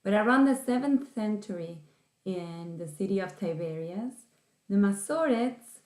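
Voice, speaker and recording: A woman teacher explaining an online lesson slowly and carefully, with pauses. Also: mid-range voice, darkish tone. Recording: roomy echo.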